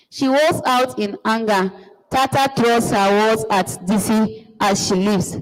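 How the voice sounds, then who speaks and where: Nigerian woman reading a play out loud, slow and steady, lots of reverb. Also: on the high side. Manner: plain, measured, naming each speaker. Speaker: marathon read-aloud reader. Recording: long reverb.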